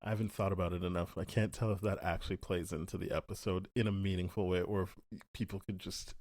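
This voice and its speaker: A low-pitched man talking loosely in a casual podcast chat, trailing off and restarting as he recaps. The sound is close and dry, with no room around it. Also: fast talker, no room sound. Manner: rambling, acts out quotes in animated voices. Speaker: podcast co-host. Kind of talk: casual chat, spoiler review.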